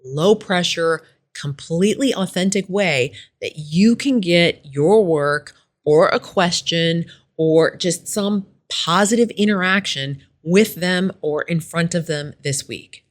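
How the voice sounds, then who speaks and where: A woman's voice: on the low side, slow. A middle-aged woman hosting a workplace advice podcast, telling a story in a conversational coaching tone. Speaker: podcast host.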